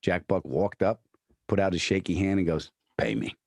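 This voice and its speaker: Low-voiced comic telling stories. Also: male voice, fairly even intonation, normal speed, no room sound, clean studio sound. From New York. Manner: storytelling, restarts often, acts out quoted voices. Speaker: comedian guest. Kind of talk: casual interview chat.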